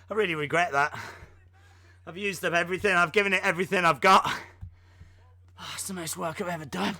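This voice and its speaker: A man's voice: high-pitched, fairly quick, long pauses, sharp tone, dry recording. A man hosting a casual live reaction stream, jokey and self-mocking, and out of breath.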